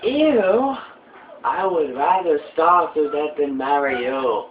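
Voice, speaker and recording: A young man voicing a scornful young female monkey from a game in a shrill, raised voice, recorded with tinny phone-like audio. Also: expressive, slow, reverberant, far from the mic, a little hiss or hum. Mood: disgusted.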